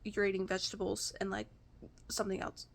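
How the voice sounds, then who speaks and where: A woman's voice: mid-range voice, monotone, brisk, gravelly. A woman in her twenties from the United States, rambling casually to the camera in a vlog at home, full of "like" and "you know". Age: 20s. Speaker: vlogger. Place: home apartment.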